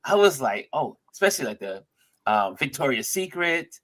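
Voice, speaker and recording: A man's voice: mid-range voice, normal speed, dry recording. A man hosting a live stream, chatting casually and animatedly acting out the people in his stories. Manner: animated storyteller, acts out others' lines. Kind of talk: casual chat.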